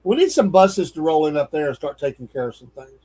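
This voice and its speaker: A man's voice: on the high side, animated, fast talker, warm tone. A man co-hosting a casual morning show, blunt and plain-spoken. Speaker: co-host.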